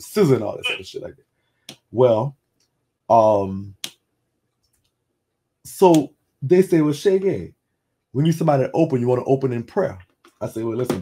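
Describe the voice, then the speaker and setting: A man's voice: medium pitch, warm tone, slight background noise. A man with a Louisiana accent hosting a casual call-in talk, telling a personal story loosely, with many restarts and blunt cursing. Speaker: host.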